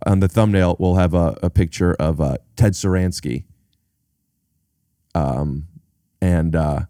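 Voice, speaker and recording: A man hosting a podcast in casual chat, musing in an animated way and often restarting his sentences. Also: deep voice, slow, no room sound, studio quality. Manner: animated, musing, self-interrupting. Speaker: podcast host. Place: indoor home setting.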